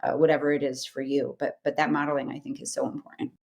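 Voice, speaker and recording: A woman's voice: low-pitched, level tone, fast talker, gravelly. A woman in her forties, a psychologist, talking earnestly in a casual interview and often checking in with "right?". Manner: earnest, explanatory, frequent "right?" tags. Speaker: guest, psychologist.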